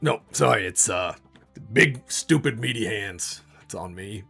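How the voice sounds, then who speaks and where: A man's voice: fairly low pitch, expressive, unhurried, creaky, sharp tone, husky, faint music behind, exaggerated voice. A man voicing a big, clumsy, strong companion in a tabletop game, bluff and apologetic.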